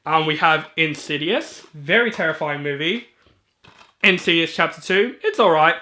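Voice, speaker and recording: Bright, high-voiced enthusiastic man. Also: lively intonation. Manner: chatty and enthusiastic, with filler ums and quick asides. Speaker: movie reviewer. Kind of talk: casual collection walkthrough.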